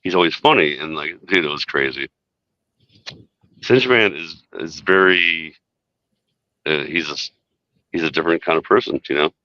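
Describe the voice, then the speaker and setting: A man's voice: rumbling low, moderate pace, long pauses, bright, forceful tone, no room sound, muffled recording. A man telling rambling stories in a casual podcast chat, full of "dude" and "like". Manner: rambling storyteller, says "dude" and "like" a lot.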